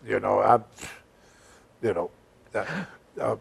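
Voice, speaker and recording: A man's voice: on the low side, steady tone, slow pace, gravelly, slightly rough. An older man hosting a casual interview, telling blunt, rambling stories in a folksy way. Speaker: host. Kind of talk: casual storytelling chat.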